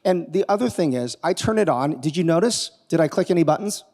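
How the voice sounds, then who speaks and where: Male keynote speaker, lively audience questions, voice rather high, long hall reverb. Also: fairly quick. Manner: animated, quizzing the audience. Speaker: conference speaker. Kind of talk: live keynote talk with demo. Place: conference hall on stage.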